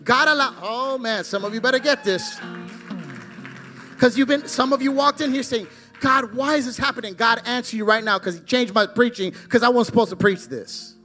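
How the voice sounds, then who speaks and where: A male pastor preaching a fervent sermon, swinging between loud exclamations and hushed asides. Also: extremely high pitch, normal speed, soft background music.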